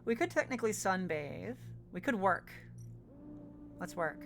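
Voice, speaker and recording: A woman's voice: medium pitch, very animated, a little slow, creaky, slight background noise. A woman streaming a game live, chatting casually, emotional and giggly.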